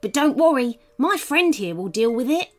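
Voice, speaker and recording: A woman voices a cheerful, helpful talking duck in a storybook, pitching above her own natural voice. She sits high, very animated, at normal speed with a slightly mellow tone, and faint music plays behind her.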